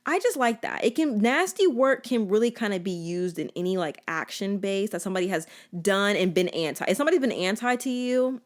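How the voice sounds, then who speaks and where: A woman's voice: medium pitch, lively intonation, fairly quick. A woman in her twenties hosting a casual solo podcast, chatty and sarcastic, with a playful, filler-heavy way of talking. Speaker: podcast host.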